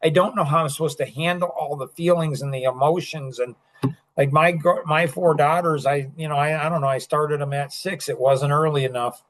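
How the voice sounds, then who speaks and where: A man's voice: a little high, fairly even intonation, a little fast. An older man talking casually on a podcast, rambling and full of fillers and restarts. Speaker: podcast host.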